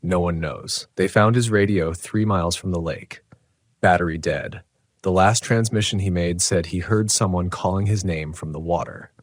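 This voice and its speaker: A quiet, grave old ranger , as a narrator puts him on, speaking slowly and solemnly in a deep low voice. The recording is dry and close, with no room sound. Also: male voice, no echo. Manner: slow, solemn warnings. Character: quiet older male former park ranger, grave.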